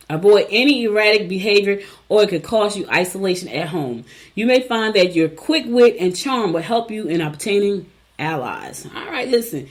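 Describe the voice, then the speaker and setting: A woman's voice: medium pitch, animated, moderate pace. A middle-aged woman hosting a show, reading horoscopes in a casual, chatty way with folksy asides and repeated advice. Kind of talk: casual chat, reading and riffing.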